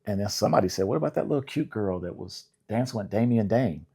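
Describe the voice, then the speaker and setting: Low-voiced older man telling stories. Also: animated, fast, mellow, breathy edge. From Indianapolis, USA. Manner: laughing, acts out quoted voices. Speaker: songwriter guest. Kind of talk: relaxed storytelling interview.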